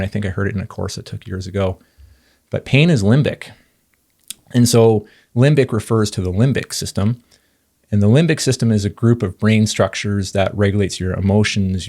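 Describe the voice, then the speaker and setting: A man's voice: fairly low pitch, creaky, darkish tone. A man, a physical therapist in his thirties, talking through patient experiences in a thoughtful, earnest podcast monologue with frequent fillers and restarts.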